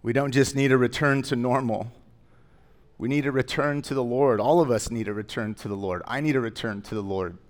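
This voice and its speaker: A man's voice: mid-range voice, a little fast. A man pastor preaching a sermon in a conversational way, with joking asides that rise into emphatic declarations.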